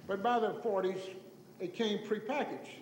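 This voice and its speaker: A Texan man in his sixties telling folksy stories to an audience, animated and chuckling as he acts out the people in them. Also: high voice, normal speed. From Tyler, Texas. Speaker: storyteller giving an oral history. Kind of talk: folksy anecdotal talk to an audience. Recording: echoey hall recording with faint noise.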